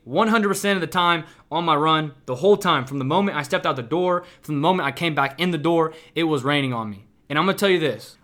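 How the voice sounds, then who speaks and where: Young male podcast host from Kansas City, bright and forward tone, pitched a bit high, preachy and emphatic with lots of "right?". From Kansas City, Missouri. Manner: emphatic and repetitive, with frequent "right?". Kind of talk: motivational solo podcast.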